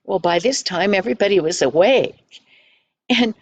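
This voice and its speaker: An older woman telling a children's story in a homely, gentle, folksy way. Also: medium pitch, lively intonation, moderate pace, long pauses.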